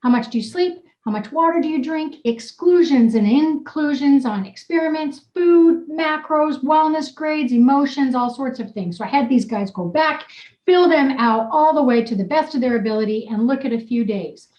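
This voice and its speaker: A woman's voice: high-pitched, moderate pace, darkish tone, echoey room, dull audio. A woman wellness coach leading a group video call in an upbeat, teasing, blunt manner. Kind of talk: casual coaching chat.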